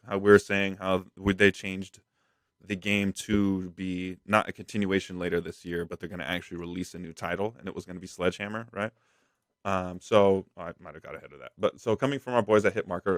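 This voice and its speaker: Low-voiced man rambling about games. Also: a bit bright, no room sound, studio quality. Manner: rambling, filler-heavy, reads news aloud. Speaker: podcast co-host. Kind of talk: casual gaming podcast chat.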